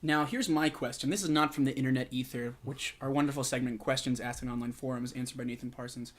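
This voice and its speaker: A man's voice: mid-range voice, fairly even intonation, fast. A man hosting a podcast, asking questions in a playful, joking way. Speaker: podcast host. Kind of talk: casual interview.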